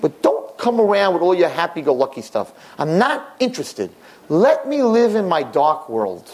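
A man doing a bitter, shrill old blind grouch. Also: very animated, moderate pace, a little mellow. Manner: gruff, bitter, snapping.

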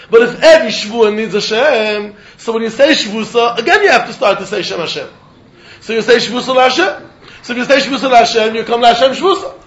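A man's voice: high-pitched, fairly bright tone, muffled recording. A man teaching a Talmud class, in a singsong study chant. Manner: singsong study chant, mixing English with Hebrew, Aramaic and Yiddish terms. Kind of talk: yeshiva-style Talmud lecture.

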